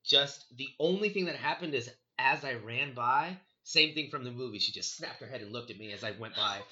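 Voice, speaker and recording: A young man telling a story in casual chat, animated and profane, full of "like" and "dude". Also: mid-range voice, fairly quick, dull audio. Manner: animated, swearing, heavy on 'like' and 'dude'.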